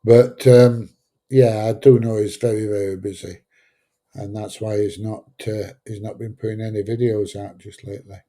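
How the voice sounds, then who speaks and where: A man's voice: on the low side, flat delivery, moderate pace, dark tone. A man in his seventies with a Sheffield accent, chatting casually on his livestream in a rambling, blunt way. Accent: Sheffield English. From Sheffield, England. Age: 70s. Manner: rambling, chatty, blunt, drops into mild swearing. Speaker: livestream host. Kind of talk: casual livestream chat reading out viewer comments.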